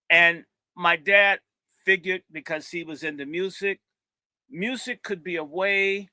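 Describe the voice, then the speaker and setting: Bright, high-voiced male storyteller. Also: no room sound. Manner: lively, funny, acts out voices. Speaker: minister telling a story. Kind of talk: animated storytelling talk.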